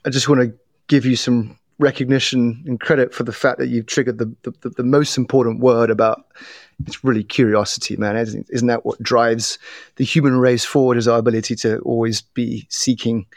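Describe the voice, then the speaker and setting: A middle-aged man, a guest on a podcast, explaining how people's biases work in an animated way, telling stories and often restarting his sentences. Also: medium pitch, fairly quick, no room sound. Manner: animated storyteller with repeated restarts. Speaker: podcast guest, bias trainer. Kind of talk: casual interview talk.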